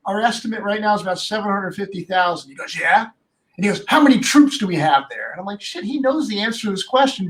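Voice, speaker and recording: A man guest telling a lively anecdote in casual chat. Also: high voice, far from the mic, poor audio. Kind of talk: casual storytelling.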